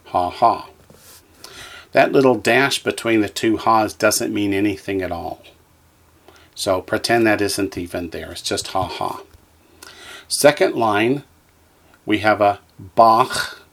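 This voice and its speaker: A man's voice: lowish voice, slow pace, gravelly, pauses often, a bit bright. A man teaching a beginner Hebrew lesson, reading from a textbook and naming each letter patiently for listeners to repeat.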